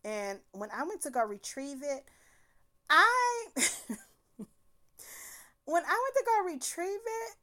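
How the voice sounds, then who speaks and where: A woman casually recounting a bad date in an animated, profane way, with laughs breaking into her telling. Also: extremely high pitch, slow, long pauses. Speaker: storyteller. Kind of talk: casual storytime monologue.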